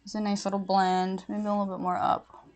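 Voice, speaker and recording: A woman's voice: medium pitch, level tone, fairly quick. A young woman streaming as she does her makeup, chatting casually with frequent laughs and fillers. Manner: chatty, giggly, lots of fillers. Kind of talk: casual chat while doing makeup.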